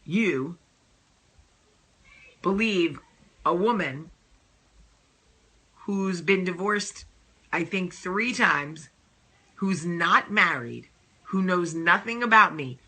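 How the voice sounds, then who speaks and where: A woman voicing her own blunt, deadpan husband, who talks in a flat, matter-of-fact and teasing way. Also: fairly low pitch, very slow, long pauses, slightly rough, heavily acted.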